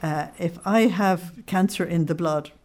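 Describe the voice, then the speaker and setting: A woman teaching on a devotional text, explaining it line by line and pausing often with "uh". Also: fairly low pitch, darkish tone, slight background noise. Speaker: religious teacher.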